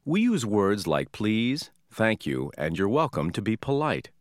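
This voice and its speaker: Low-voiced male teacher explaining clearly. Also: sing-song, unhurried, dry recording, clean studio sound. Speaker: language teacher. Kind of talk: scripted explanation.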